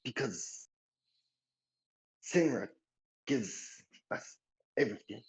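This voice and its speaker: A man playing a devout, earnest character who speaks slowly and solemnly about prayer. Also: mid-range voice, animated, creaky, poor audio.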